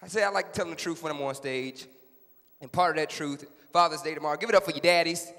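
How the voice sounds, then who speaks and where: A male stand-up comedian telling a family story live, animated and repeating his punchlines. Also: a little high, fast talker, big-room sound, slight background noise.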